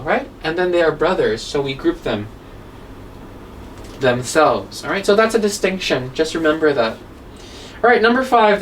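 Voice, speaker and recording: A woman teaching an English grammar lesson, explaining step by step and asking rhetorical questions. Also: fairly low pitch. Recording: distant mic with faint background noise.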